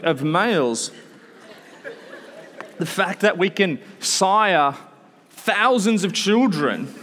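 A man in his thirties preaching a sermon to a room, with animated storytelling and quick asides. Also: high voice, a little hiss or hum. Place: large hall with an audience. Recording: long hall reverb.

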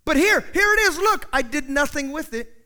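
A man's voice: very high-pitched, animated, brisk, pushed and bright. A pastor preaching a fiery sermon in a church, acting out the voices of the people he quotes. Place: church sanctuary. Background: piano playing.

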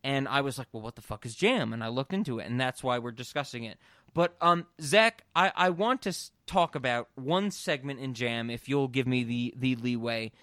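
A man hosting a podcast in casual chat, rambling and animated with lots of fillers and free swearing. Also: medium pitch, normal speed, no echo, clean studio sound. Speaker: podcast host.

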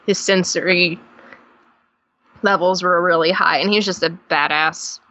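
A woman's voice: lowish voice, moderate pace, dry recording, lo-fi sound. A woman with a Southern drawl from Tennessee, telling stage stories animatedly as a podcast guest. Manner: animated storytelling with laughs. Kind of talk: casual conversation.

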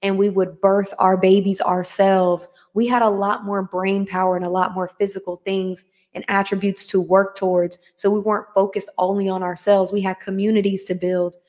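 A woman's voice: mid-range voice, little pitch movement, moderate pace, few pauses, darkish tone. A woman hosting her own podcast, giving an earnest, repetitive motivational talk and greeting live viewers as she goes. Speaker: podcast host.

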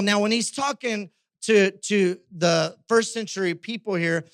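A man's voice: high-pitched, normal speed, fairly bright tone, no room sound, clean studio sound. A male pastor giving a sermon in a conversational way, often checking in with tag questions.

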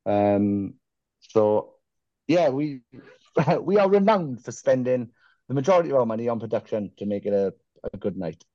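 A man's voice: medium pitch, lively intonation, moderate pace, dark tone, no echo, dull audio. A man, a musician guest in a casual interview, rambling through self-deprecating stories and swearing casually.

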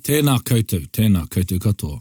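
A man's voice: lowish voice, big pitch swings, fairly quick, mellow, slightly rough, dry recording. Easygoing New man, dry sound. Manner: easygoing, agreeable. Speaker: co-host. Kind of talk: casual bilingual chat.

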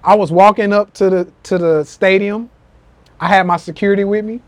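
Recorded on a phone with no room sound, a man hosts a live social media rant podcast. His voice is high, with fairly even intonation and a moderate pace, though his delivery is emphatic, profane, and repetitive, and he acts out quotes with animation.

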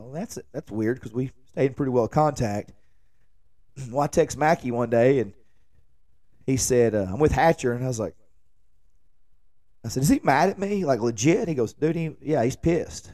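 A man, hosting a podcast and telling a long joking story in a rambling late-night monologue. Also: medium pitch. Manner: rambling, joking, animated when quoting himself. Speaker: podcast host.

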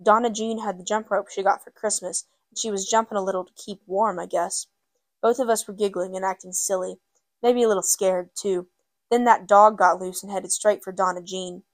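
An earnest young girl, upset and quick to anger, as a woman reader voices her. The voice is close and dry, with no room sound. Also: medium pitch, fairly even intonation, dry recording, close to an everyday voice.

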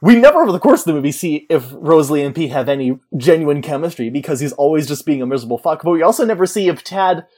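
A man's voice: on the high side, lively intonation, fast talker, hardly any pauses, a little mellow. A man in casual chat, animatedly retelling a movie's plot and acting out the characters' lines. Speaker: podcast co-host.

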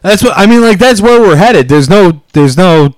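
American guy cursing a lot, rambling podcast chat, pitch jumping all over. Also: animated, normal speed, no echo. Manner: profane, rambling storyteller. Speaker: podcast co-host. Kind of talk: casual chat.

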